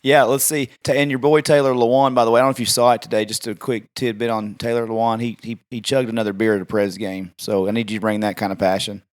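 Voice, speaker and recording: A man's voice: medium pitch, level tone, fast talker, few pauses. A man hosting a podcast, chatting enthusiastically with his guest in a casual interview. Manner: chatty, enthusiastic fan talk. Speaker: podcast host.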